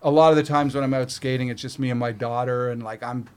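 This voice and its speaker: A middle-aged Canadian man speaks quickly in a mid-range voice that is steady, clear, and resonant. As a podcast guest he tells stories casually, swearing freely and acting out what others said.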